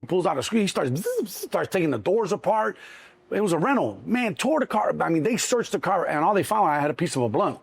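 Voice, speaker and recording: A middle-aged man from Chicago, a guest in an interview, telling his story in an animated way and acting out the people in it. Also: high voice, a little fast, vocal fry, husky, dry recording. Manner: animated, acts out cops and himself in quotes.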